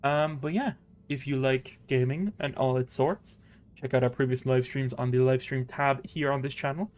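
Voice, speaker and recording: A man's voice: mid-range voice, fairly even intonation, moderate pace, darkish tone. A man hosting a casual let's-play stream, joking, laughing often and drifting into rambling tangents. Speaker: gaming channel host.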